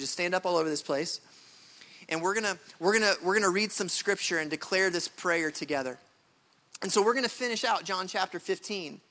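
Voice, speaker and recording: A man's voice: on the high side, sharp tone. A male pastor preaching a sermon to his congregation in an earnest, conversational way, often repeating phrases. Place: church sanctuary.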